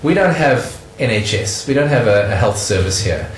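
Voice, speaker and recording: A middle-aged South African man telling stories in a casual interview, animated and laughing often. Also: on the low side, normal speed, roomy sound, a little hiss or hum, poor audio.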